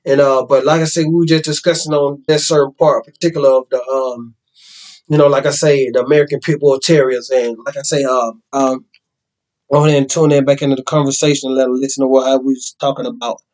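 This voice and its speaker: A man's voice: mid-range voice, little pitch movement, fairly quick, a little mellow, rough recording. A man casually hosting a vlog, rambling and repeating "like I say" with many restarts. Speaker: host.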